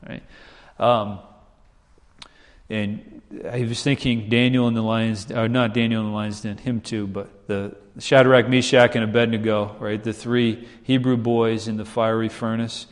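A man's voice: lowish voice, level tone, a little slow, long reverb tail. A man preaching a sermon with fervent, emphatic repetition that rises in bursts. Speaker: pastor.

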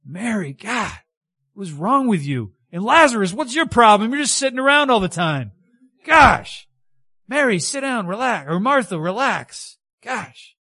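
A man preacher voicing an indignant, exasperated male disciple who rants shrill, huffy complaints at his friends. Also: very animated, unhurried, bright, forceful tone, exaggerated voice.

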